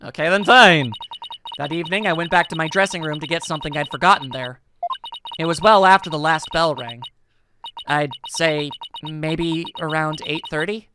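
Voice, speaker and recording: A man voicing a brash, excitable teenage girl student who talks in slang, with game music behind. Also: a little high, moderate pace, noisy background, lightly acted. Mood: explaining.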